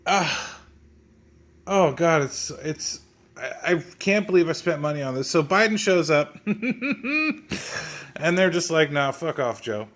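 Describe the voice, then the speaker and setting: Sneering guy trashing a comic book, slow drawl, bit high voice, swears a lot, keeps stumbling over his words. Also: animated, fairly bright tone. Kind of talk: mocking comic book review.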